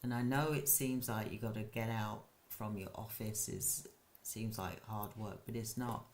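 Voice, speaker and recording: A man who runs a care business, hosting a live stream and giving casual advice in a slow, halting way with frequent restarts. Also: fairly low pitch, fairly even intonation.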